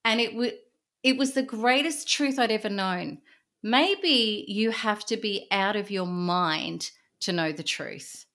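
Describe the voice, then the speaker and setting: Middle-aged woman, interview guest, earnest and intense, sharing a personal story, going soft and quiet in places. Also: medium pitch, slow pace.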